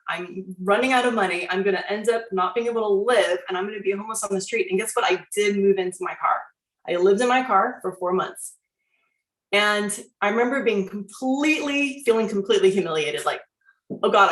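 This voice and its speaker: Woman, forties, personal testimony, animated storytelling, echoey room. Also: medium pitch. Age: 40s. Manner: animated storytelling, acts out her own past voice. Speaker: wellness coach sharing her story.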